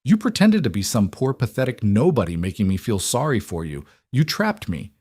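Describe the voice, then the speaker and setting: A man's voice: mid-range voice, very animated, moderate pace, darkish tone, husky, dry recording, studio quality. A man reading the lines of a desperate, entitled young rich man who talks frantically and demands things.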